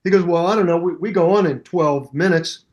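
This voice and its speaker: An older man in his seventies, a musician telling a long anecdote in an interview and acting out both sides of the conversation in lively voices. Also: high-pitched, a little fast, lo-fi sound. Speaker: guest musician. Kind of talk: animated storytelling interview.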